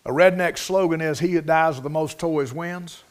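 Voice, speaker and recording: A man's voice: a little high, moderate pace. A middle-aged man preaching a sermon in a folksy, storytelling way, with plain rural speech.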